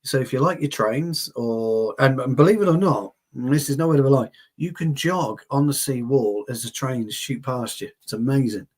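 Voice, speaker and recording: A man's voice: medium pitch, moderate pace, few pauses, a little mellow. A chatty man co-hosts a casual live chat in a mid-range voice. He talks freely and repeats words to drive a point home. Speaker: co-host.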